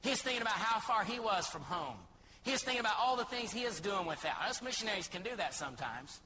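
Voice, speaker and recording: A Texas man who works as a missionary preacher delivers a dramatic sermon, acting out the people in the Bible story. His voice is high and expressive, and he talks at a quick pace. Background noise can be heard.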